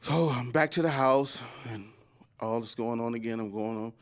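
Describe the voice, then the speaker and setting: A man in his forties doing a stand-up comedy story, jumping into high squeals when he acts out quotes. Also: normal speed. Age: 40s. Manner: animated, jumps into high squeals acting out quotes.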